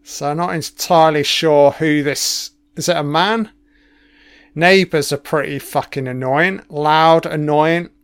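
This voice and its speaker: A man talks his way through a film in a slow, drawn-out manner, swearing freely as he drops wry asides. His voice sits somewhat high for a man and comes through smooth and clean. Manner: swears constantly, wry offhand remarks. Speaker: film commentator. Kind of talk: casual running film commentary.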